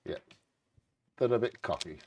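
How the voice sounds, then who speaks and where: A man co-hosting a live bingo stream, chatting casually and reading out bird facts with quick jokey asides. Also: a little mellow. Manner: jokey, quick asides between read passages.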